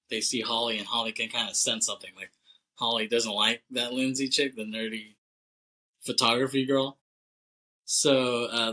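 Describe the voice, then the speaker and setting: A man co-hosting a podcast, recapping a film plot in a loose, chatty way, full of "like", quick laughs and casual swearing. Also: medium pitch, pushed and bright, low-quality recording. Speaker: podcast co-host.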